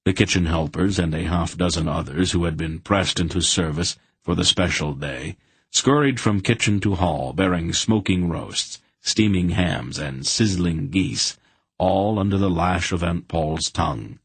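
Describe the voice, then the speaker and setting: A man narrating an audiobook in a measured storytelling manner. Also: deep voice, breathy edge, no room sound.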